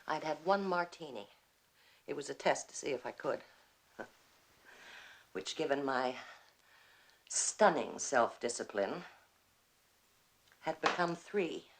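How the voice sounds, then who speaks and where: A woman's voice: sits low, vocal fry, exaggerated voice. An actress playing a bitter, wry middle-aged woman who mocks herself with dry theatrical wit. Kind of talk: stage play performance.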